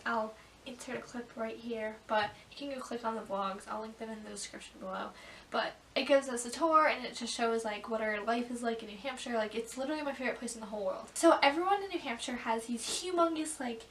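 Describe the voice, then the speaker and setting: A woman's voice: on the high side, a little fast, fairly bright tone, a little hiss or hum. A teenage girl vlogging, telling embarrassing stories in a chatty way, full of "like" and bursts of laughter. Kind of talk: casual storytelling to camera. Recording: echoey room, mic at a distance.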